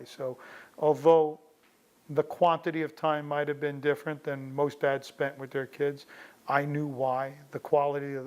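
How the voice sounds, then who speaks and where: A middle-aged man recalling his father in casual, anecdotal storytelling, often restarting his sentences. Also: mid-range voice. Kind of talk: personal storytelling.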